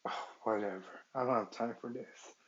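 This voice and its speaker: A man voicing a calm teenage boy with anger held under control, flat and dismissive, on a dull lo-fi recording. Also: medium pitch, moderate pace, natural voice.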